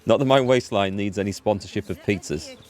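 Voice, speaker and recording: A man's voice: lowish voice, brisk, darkish tone. A man streaming a game live from indoors at home, chatting in an upbeat way and thinking aloud as he plays. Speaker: gaming streamer.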